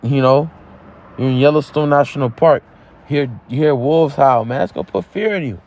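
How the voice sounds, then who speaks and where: A man's voice: mid-range voice, moderate pace, a little mellow, dull audio. A man teaching from scripture in a loose street style, repeating words and dropping "man" at the ends of lines. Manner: casual, repeats words and says "man" often. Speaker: camp teacher.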